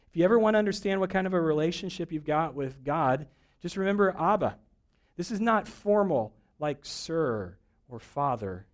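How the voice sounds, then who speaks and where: A man preaching a sermon in a conversational, joking way, a pastor who acts out little voices to make his points. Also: a little high. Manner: conversational and humorous, acting out voices for jokes.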